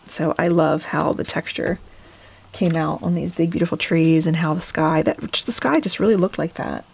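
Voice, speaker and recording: A woman's voice: sits low, normal speed, creaky, darkish tone, husky. A middle-aged woman narrating a casual flip-through of her sketchbook, chatty and self-deprecating. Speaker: artist showing her sketchbook.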